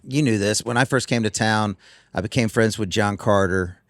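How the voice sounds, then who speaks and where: A man, a guest telling lively stories in casual chat on a tour bus. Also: lowish voice, normal speed. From North Carolina. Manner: animated storyteller.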